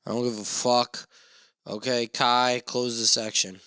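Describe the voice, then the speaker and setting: A man hosting a solo podcast, rambling and swearing through self-mocking rants with sudden loud outbursts into a studio mic. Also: mid-range voice, level tone, a little slow, clear, resonant tone, no room sound. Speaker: podcast host.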